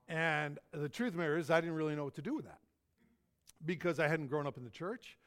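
A middle-aged pastor preaches a sermon, telling a personal story in a folksy, anecdotal way and repeating his phrases. His voice is fairly high, fast, and a bit bright.

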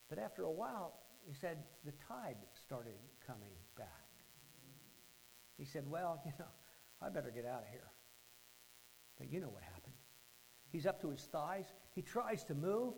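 A man preaching, telling a story with dramatic swings from hushed to loud. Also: fairly high pitch, lively intonation, moderate pace, creaky, rough recording. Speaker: pastor. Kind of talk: sermon storytelling.

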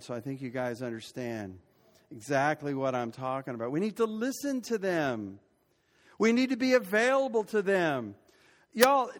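A man's voice: sits high, fairly bright tone. An older man preaching a sermon as pastor, conversational and rising to emphatic peaks. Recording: long hall reverb.

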